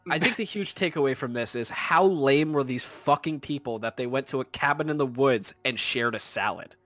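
A man's voice: mid-range voice, moderate pace, a bit bright, dry recording. A man co-hosting a casual, profane chat, retelling a story with insistent, exasperated energy.

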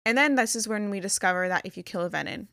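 A woman's voice: medium pitch, fast talker, creaky, a bit bright, no room sound, clean studio sound. A young woman co-hosting a podcast, casually retelling a story with lots of "like" fillers. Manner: rambling retelling with many "like" fillers. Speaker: podcast co-host. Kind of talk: casual chat.

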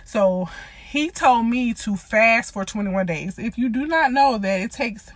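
A woman's voice: fairly high pitch, lively intonation, a little slow, no room sound. Woman, slightly out of breath, casual podcast sermon, dry close sound. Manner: informal, prays aloud with repeated "Father God". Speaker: podcast host and lay preacher.

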